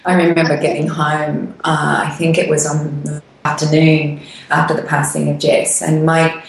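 Middle-aged aussie woman, gravelly and lowish, encouraging, lots of room echo. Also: flat delivery, normal speed. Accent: Australian. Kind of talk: casual podcast chat. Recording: very echoey room.

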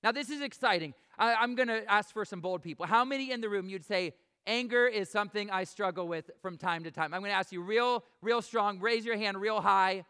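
A man's voice: high-pitched, a little fast, hardly any pauses, bright, forceful tone, smooth. A man preaching a sermon to his congregation, earnest and conversational, asking the room direct questions. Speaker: pastor. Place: church sanctuary before a congregation.

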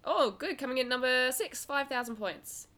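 A woman's voice: high-pitched, moderate pace, pushed and bright. Woman, podcast co-host, casual chat, upbeat game-show patter. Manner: upbeat, laughs between answers.

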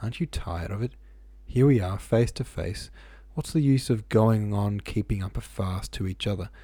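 A man reading a sly, insolent male servant who talks in a low, insinuating, unhurried way, as part of a storybook audiobook. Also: dark tone, breathy edge, dry recording.

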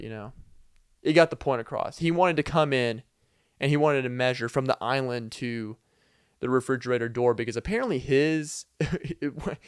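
A man's voice: medium pitch, clear, resonant tone, dry recording, studio quality. A young man hosting a podcast, telling a rambling comedic story full of fillers and little laughs. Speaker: podcast host.

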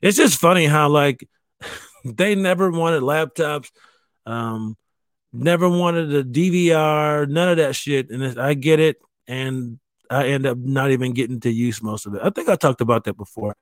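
A man's voice: medium pitch, no echo, studio quality. A man ranting casually and profanely, exasperated and mocking, often stumbling over restarts. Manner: halting restarts, mimics voices. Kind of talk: casual solo rant.

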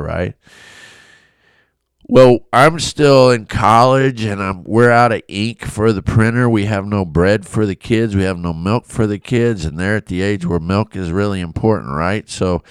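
Smooth low-voiced man telling a sermon story. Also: no echo. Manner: animated storytelling, chuckles often. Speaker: pastor. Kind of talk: devotional Bible talk with personal story.

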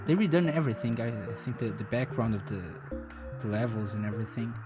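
Male co-host, halting casual delivery, music clearly in the background. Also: medium pitch, expressive. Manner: hesitant, many restarts and fillers. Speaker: podcast co-host. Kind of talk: casual podcast chat.

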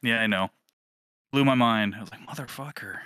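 Podcast co-host: man in his thirties, low bright voice, loose and jokey, dry close mic. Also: normal speed, clean tone, dry recording. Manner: laughs often, swears casually. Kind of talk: casual chat.

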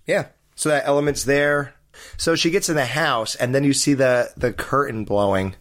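This is a man co-hosting a casual movie podcast. His voice sits at an ordinary middle pitch. He walks through scenes in detail and poses pointed questions about them. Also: normal speed, a bit bright. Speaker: podcast co-host. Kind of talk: casual film review chat.

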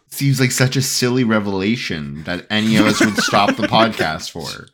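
A man's voice: on the low side, huge pitch swings, a little slow, noisy background. A man in a casual podcast chat, giggling and teasing his friends.

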